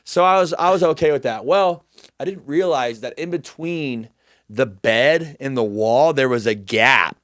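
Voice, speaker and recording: A young man telling a story in a casual chat, animated, profane and self-deprecating. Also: mid-range voice, measured pace, no echo, studio quality.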